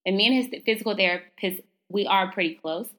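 Bright-voiced woman podcasting. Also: mid-range voice, brisk. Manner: casual, chatty and preachy, addresses listeners as y'all. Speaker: podcast host. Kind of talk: motivational solo podcast talk.

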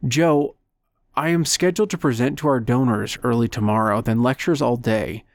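A man voicing a hoarse, sleepy man woken in the night, impatient, in an audiobook. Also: mid-range voice, moderate pace, no echo, clean studio sound, close to an everyday voice. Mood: tired.

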